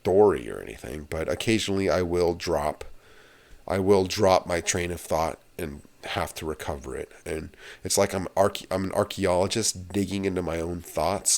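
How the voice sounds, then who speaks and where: A man hosting his own channel, talking in a loose, meandering rant that drifts from one tangent to the next. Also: low voice. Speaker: channel host. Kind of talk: casual rambling rant to camera.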